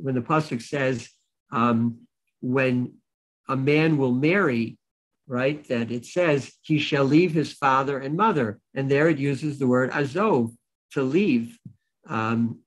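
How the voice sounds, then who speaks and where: A rabbi giving a Torah lesson, who reads verses in Hebrew, translates them, and explains them with a story. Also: male voice, mid-range voice, poor audio. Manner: tells a story to make a point. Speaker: rabbi teaching a weekly Torah class.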